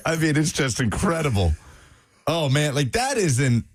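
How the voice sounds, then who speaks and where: A man co-hosting a sports radio show, amused and animated, laughing often. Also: on the high side, a little slow, no echo, clean studio sound. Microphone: studio microphone.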